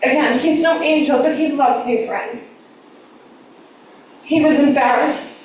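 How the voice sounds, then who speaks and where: Emotional mother, high voice, echoey hall. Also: fairly even intonation, a little slow, a little mellow. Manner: emotional, earnest, emphatic. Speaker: parent giving public comment. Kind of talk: public comment at a school board meeting. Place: large echoey meeting room. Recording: echoey room audio with faint noise, from a distance.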